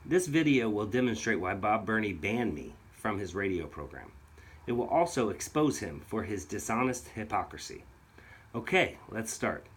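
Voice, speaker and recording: A man's voice: on the low side, sing-song, normal speed, breathy edge. A man narrating a video in an accusatory, sarcastic tone. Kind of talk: scripted narration.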